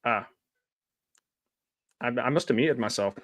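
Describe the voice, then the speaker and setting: A man's voice: medium pitch, a little slow, fairly bright tone, dry recording. A man chatting on a video call during a film, making dry, teasing wisecracks. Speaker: co-host on a watch party. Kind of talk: casual chat over a film.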